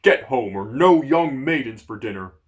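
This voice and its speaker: A man voicing a huge, short-tempered frost giant who shouts and scolds in a raised voice. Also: mid-range voice, sing-song, normal speed, dull audio. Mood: threatening.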